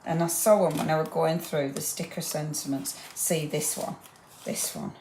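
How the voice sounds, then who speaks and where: A woman's voice: low voice, steady tone, moderate pace, darkish tone, slight background noise. A woman, chatting enthusiastically and rambling as she demonstrates a craft project live and talks to viewers by name. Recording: roomy echo.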